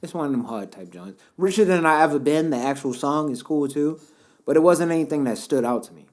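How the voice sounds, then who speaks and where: A man's voice: on the high side, animated, brisk. A man co-hosting a podcast in casual, laid-back, slang-heavy banter. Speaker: podcast co-host. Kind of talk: casual chat.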